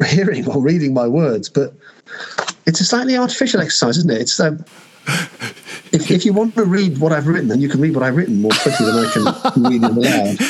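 A man's voice: fairly high pitch, a little hiss or hum, low-quality recording. An English man with an English accent, a novelist talking in a casual interview, hesitant and self-deprecating, with many restarts. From England. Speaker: novelist guest.

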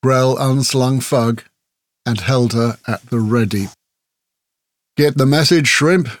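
Measured male audiobook narrator. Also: medium pitch, darkish tone, no echo, studio quality. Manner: measured, storytelling. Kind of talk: scripted narration.

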